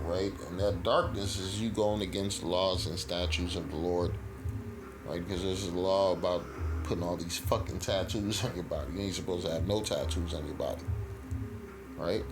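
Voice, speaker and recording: A man teaching scripture in a rough, profane street style, reading verses and asking "right?" again and again. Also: sits low, fairly even intonation, normal speed, over music. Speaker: street preacher.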